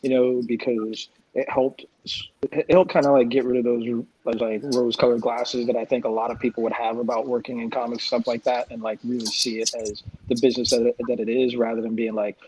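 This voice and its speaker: The lo-fi livestream audio, captured on a video-call mic with slight background noise, features a forties-aged man guesting on a panel as a comics creator. His medium-pitched voice moves fairly quickly as he casually spins stories and acts out quoted lines with animation.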